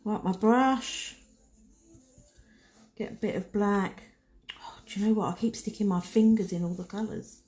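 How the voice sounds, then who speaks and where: A woman's voice: mid-range voice, fairly even intonation, unhurried, pauses often, darkish tone. A woman giving a chatty, casual nail art tutorial, talking herself through each step as she paints. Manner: chatty, talks to herself while working.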